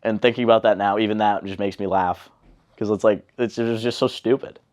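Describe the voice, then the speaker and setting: A young man in an interview, telling a family story in a relaxed, chatty way with lots of fillers. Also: lowish voice, brisk. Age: young adult. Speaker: interviewee, older brother.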